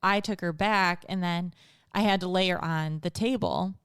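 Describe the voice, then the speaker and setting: A woman's voice: fairly low pitch, moderate pace, a bit bright, smooth, no echo, studio quality. A woman in her thirties co-hosting a podcast, chatting and telling a personal story with many "like" fillers. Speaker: podcast co-host. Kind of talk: casual chat.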